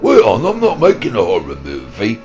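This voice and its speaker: A young man with a Yorkshire accent bickering and joking through improvised comedy banter, often shouting and squabbling. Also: fairly low pitch, wildly swooping pitch, moderate pace, faint music behind, low-quality recording. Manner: rowdy, squabbling, swears mildly. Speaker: channel host.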